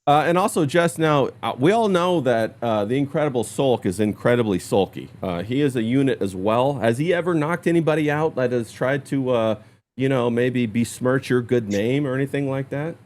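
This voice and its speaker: A man hosting a casual livestream talk show, upbeat, giving shout-outs to chat. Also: medium pitch, moderate pace. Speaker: host.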